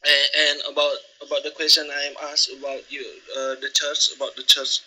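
A man calling in to a talk show and speaking haltingly. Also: on the high side, monotone, pushed and bright, poor audio. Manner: hesitant, halting. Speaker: caller. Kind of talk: phone call.

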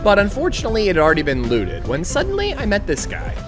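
A man giving gameplay commentary, excitable and ranting with frequent swearing. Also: high voice, fast, over music. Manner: excitable, swears freely, rants in frustration. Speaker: gaming video creator.

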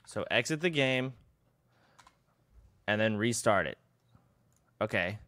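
A man's voice: fairly low pitch, lively intonation, slow, sharp tone, no room sound. A young man chatting casually on a livestream, rambling and swearing freely. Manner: rambling, profane, exclaiming.

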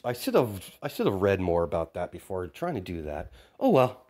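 A man's voice: low-pitched, animated, normal speed, hardly any pauses, darkish tone. A man telling an improvised story in a loose, rambling way, with many fillers and chuckles.

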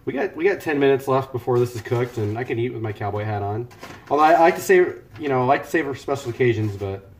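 A man's voice: mid-range voice, animated, fast, darkish tone. Rambling man streaming from his kitchen. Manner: joking, rambling, talks to chat viewers. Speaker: live-streaming home cook. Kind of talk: casual live-stream chat. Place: home kitchen. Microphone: headset.

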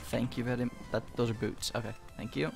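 Young male co-player, mid-pitch, teasing and excitable, bursts of shouting, faint music behind. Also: quick pace, creaky. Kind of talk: casual gameplay commentary.

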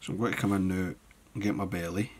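A man giving a relaxed step-by-step fly-tying tutorial, thinking aloud as he works. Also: sits low, fast, slight background noise.

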